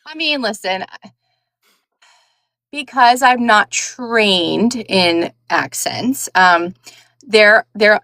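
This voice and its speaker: A frank, chatty woman with a New York accent, talking in an easy, rambling way with lots of "like" and "um." Her voice is close and dry, with no room sound around it, and sits at an ordinary middle pitch. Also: a bit bright, dry recording. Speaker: guest audiobook narrator. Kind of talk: casual chat.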